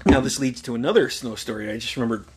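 A man's voice: medium pitch, quick pace. A man in his forties from Alaska, telling a rambling, profane anecdote and chuckling often. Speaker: storyteller.

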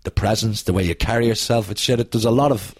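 A comedian talking in a relaxed chat, his voice husky and slightly breathy. He tells his stories with animation, restarting sentences as he goes. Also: on the low side, quick pace. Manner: animated storyteller, restarts a lot. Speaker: guest, comedian and actor. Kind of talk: casual chat.

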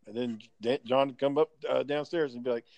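Podcast host, man, middle pitch, laid-back storytelling, casual swearing. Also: fairly even intonation, brisk, darkish tone, dry recording, highs cut off. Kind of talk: casual chat among friends.

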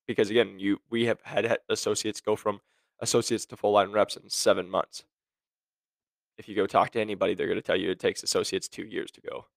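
A man's voice: on the low side, little pitch movement, brisk, creaky, dry recording. A man hosting a podcast, talking in a blunt, sarcastic rant to his listeners. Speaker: podcast host. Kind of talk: casual monologue.

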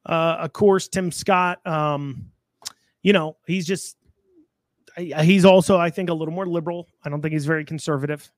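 A man's voice: a little high, fairly even intonation, moderate pace, dry recording, studio quality. A man giving blunt, sarcastic political commentary, with frequent fillers and restarts.

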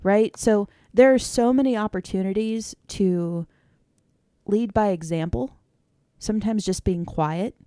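A woman's voice: medium pitch, a little mellow, no echo, studio quality. A woman co-hosting a podcast, chatting reflectively about coaching kids. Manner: chatty, reflective, many fillers. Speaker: podcast co-host. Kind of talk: casual chat.

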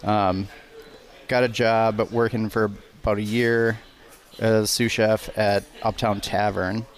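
A man's voice: on the low side, little pitch movement. A man, a chef talking easily and plainly as a podcast guest. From Wisconsin. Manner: easygoing, plainspoken, slightly halting. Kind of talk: casual interview chat.

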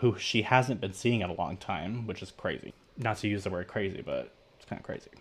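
A man's voice: low-pitched, expressive, fairly quick, breathy edge. A young man casually recapping a horror movie plot on a podcast, filling his retelling with "like" and acting out the characters' lines. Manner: retells plot animatedly, heavy use of "like". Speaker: podcast co-host.

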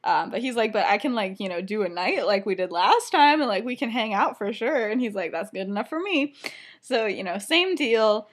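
A young woman with a fairly high voice chats on a podcast, retelling a fan story. She giggles often, leans on fillers, and slips into quick acted-out quotes for each character. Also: lively intonation. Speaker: podcast co-host.

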